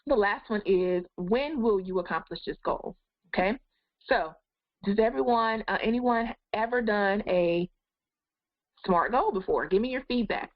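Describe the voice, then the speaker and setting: Speaking unhurriedly in a mid-range voice, a life coach leads a live webinar on setting goals, cheering viewers on and talking right to them. The webcam audio is muffled and dry.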